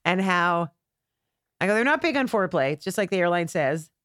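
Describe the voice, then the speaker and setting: Low-voiced woman comedian telling stories. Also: a little fast, no room sound, clean studio sound. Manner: animated storyteller acting out quoted voices. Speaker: comedian guest. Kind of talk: podcast storytelling chat.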